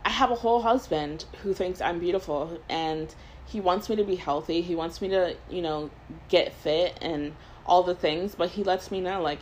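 Chatty woman in her twenties, slightly low. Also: moderate pace, slight background noise, low-quality recording. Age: 20s. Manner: rambling storyteller, heavy use of "like"; laughs between thoughts. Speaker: podcast host. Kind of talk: casual chat.

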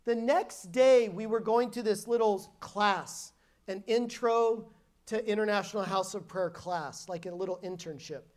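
A woman's voice: mid-range voice, a little slow, a little mellow. Woman preacher telling an emphatic testimony. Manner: emphatic storytelling with frequent restarts. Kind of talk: sermon with personal testimony.

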